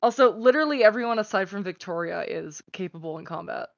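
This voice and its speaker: A woman's voice: mid-range voice, animated, vocal fry, no echo. Woman player, teasing, trips over her words, dry dull mic. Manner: quick, teasing, stumbles over repeated words. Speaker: tabletop game player. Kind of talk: casual chat among players.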